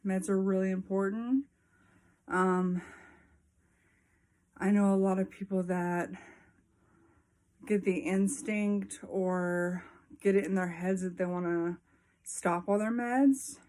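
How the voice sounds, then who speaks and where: A young woman talking frankly to her viewers in a casual vlog, with frequent pauses and ums. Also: medium pitch, steady tone, a little mellow. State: a little out of breath. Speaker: vlogger. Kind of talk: casual personal talk to camera.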